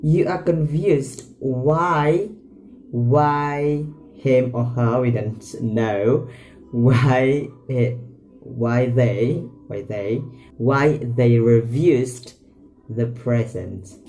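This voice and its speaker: A man with an Indonesian accent, a native Indonesian speaker, giving a casual language lesson in slow, halting explanations with example phrases. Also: medium pitch, a little mellow, faint music behind. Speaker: language teacher.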